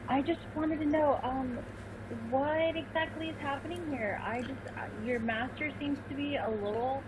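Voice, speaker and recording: A woman plays a tabletop game and talks to the characters politely and earnestly, with frequent ums. Her voice sits a little high. Clear background noise runs under her recording. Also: fairly even intonation, moderate pace. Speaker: player. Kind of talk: tabletop role-play.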